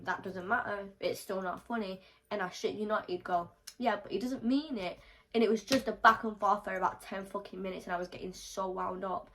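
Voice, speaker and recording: A young woman telling a storytime vlog, animated and swearing freely as she acts out the quotes. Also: medium pitch, poor audio.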